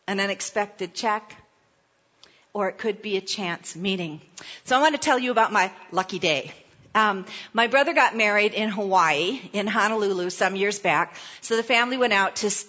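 Animated woman preaching, bright voice. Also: fairly high pitch, highs cut off. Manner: animated, playful storyteller with asides. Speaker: pastor. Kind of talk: sermon with personal storytelling.

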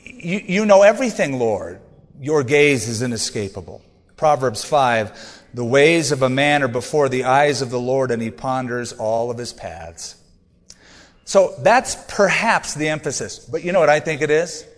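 A man's voice: medium pitch, expressive, moderate pace, long reverb tail. A man preaching a sermon in a conversational, humorous way, reading scripture aloud between stories. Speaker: pastor.

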